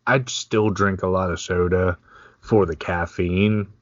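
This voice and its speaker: A man's voice: deep voice, fairly even intonation, unhurried, dry recording. A man co-hosting a podcast in laid-back, profane casual chat, laughing often. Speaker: podcast co-host. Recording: dull lo-fi sound.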